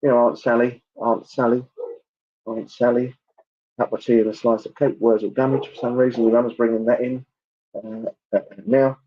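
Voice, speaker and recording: A man giving a clairvoyant reading at a church service, chatty and halting, with many ums and asides. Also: medium pitch, level tone, muffled recording. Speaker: spiritualist medium.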